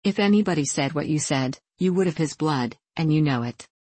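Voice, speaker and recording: A woman voicing a gruff, growling male huntsman in a storybook reading. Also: deep voice, expressive, a little fast, a little mellow, no echo. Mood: grim. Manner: growling, grim.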